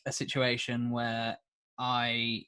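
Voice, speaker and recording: A man hosting a podcast, talking casually in a relaxed, halting way with many ums and restarts. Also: mid-range voice, clear, resonant tone, no room sound. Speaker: podcast host, actor. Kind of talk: casual chat.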